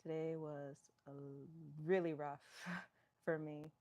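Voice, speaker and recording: Low-voiced woman chatting on a live stream. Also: steady tone, slow pace, darkish tone. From New York. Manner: chatty, reading viewer comments aloud and answering them. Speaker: live-stream fitness host. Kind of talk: casual live-stream chat.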